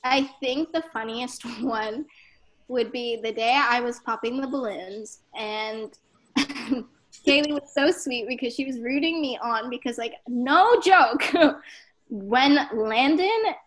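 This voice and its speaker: A young woman, a podcast guest, tells stories in a chatty, giggly way, saying "like" constantly. Her voice is on the high side and fairly bright, and she speaks slowly.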